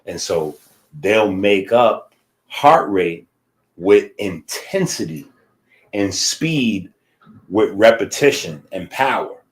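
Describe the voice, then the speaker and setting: Lecturing man who keeps asking "right?". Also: deep voice. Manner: checks in with constant "right?" tags; loose, conversational explaining with asides. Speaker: teacher. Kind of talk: casual lecture.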